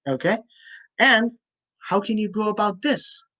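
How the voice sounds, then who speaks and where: A woman's voice: mid-range voice, unhurried, bright, forceful tone. A woman tutoring students for a speaking test in an online webinar, giving direct advice and ending nearly every point with a checking "okay?". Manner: direct, coaching tone with frequent "you know" fillers.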